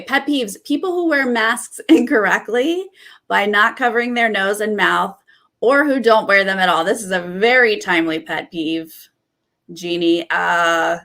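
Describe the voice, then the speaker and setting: Slow, gravelly-voiced woman commentator. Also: mid-range voice, expressive, pushed and bright. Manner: chatty, candid, reads out cast bios and comments on each. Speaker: reality TV commentator. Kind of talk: casual reaction vlog.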